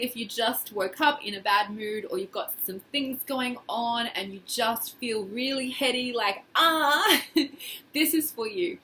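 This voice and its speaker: Bright-voiced woman guiding a tapping session. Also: fairly high pitch, slight background noise. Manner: casual, expressive, acts out feelings in quoted phrases. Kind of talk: guided tapping exercise.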